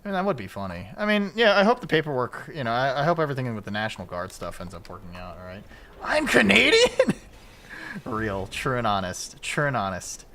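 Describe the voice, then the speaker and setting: A man chatting casually while streaming a game, swinging between loud outbursts and mumbled asides. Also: medium pitch, expressive, fast, few pauses. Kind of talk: casual gaming livestream chat.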